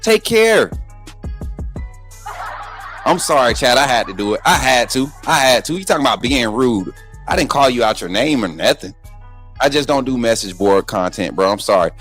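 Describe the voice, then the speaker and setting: A man's voice: medium pitch, big pitch swings, normal speed, long pauses, fairly bright tone, soft background music. A man hosting a live sports talk stream, combative and repetitive, talking straight to his viewers and reading out their chat messages. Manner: combative, repeats himself, talks straight to viewers. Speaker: sports show host.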